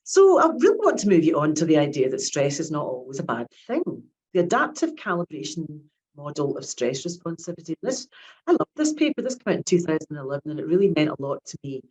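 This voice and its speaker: A woman's voice: low voice, very animated, fast, a little mellow, low-quality recording. A woman, giving a chatty academic lecture on child psychiatry and often repeating her words.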